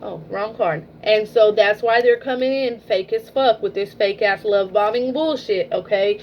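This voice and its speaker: A woman's voice: medium pitch, moderate pace, dull audio, a little hiss or hum. Blunt, foul-mouthed woman reading tarot. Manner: blunt, swears freely, keeps checking in with "okay?". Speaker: tarot reader. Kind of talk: casual tarot reading to camera.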